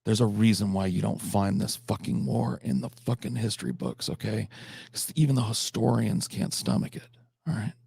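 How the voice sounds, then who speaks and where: A man's voice: lowish voice, expressive, normal speed, creaky, warm tone, breathy edge, no echo. A man streaming a game live, talking to his chat in a profane, mock-serious, theatrical way. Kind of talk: casual live-stream chat while gaming.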